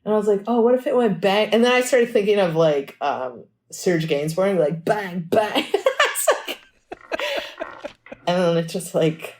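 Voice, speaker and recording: A woman musician telling stories in a casual podcast interview, lively and chatty, acting out what people said. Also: mid-range voice, very noisy. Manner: animated storytelling, acts out quotes; fast and chatty, frequent "like". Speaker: musician guest.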